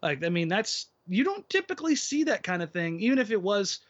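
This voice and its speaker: Man, podcast co-host, rambling opinionated talk, slightly high voice, dull lo-fi sound. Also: very animated, fairly quick. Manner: rambling, restarts a lot, opinionated. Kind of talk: casual basketball podcast chat. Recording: muffled lo-fi podcast audio.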